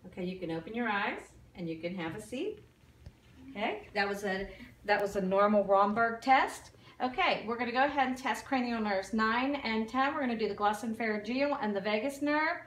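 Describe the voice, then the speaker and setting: A woman's voice: a little high, lively intonation, moderate pace, fairly bright tone, slight background noise. A woman giving a clinical exam and talking a patient through each step, sometimes tripping over medical terms. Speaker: nursing student performing an exam. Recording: echoey room, mic far off.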